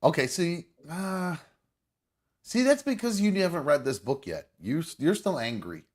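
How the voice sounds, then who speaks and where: A male host chatting casually on a live talk show. His pitch swings widely, lively and animated. He rambles, restarts sentences and swears freely. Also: normal speed. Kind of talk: casual chat.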